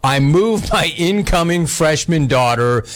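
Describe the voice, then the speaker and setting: A middle-aged man hosting a talk radio show, telling exasperated stories in a casual, animated way. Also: fairly high pitch, measured pace.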